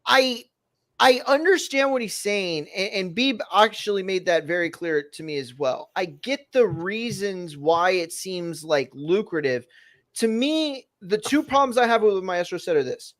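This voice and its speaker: A woman's voice: medium pitch, expressive, measured pace. A woman in a casual chat who hedges and fills her points with lots of "like". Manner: hedging, uses many fillers.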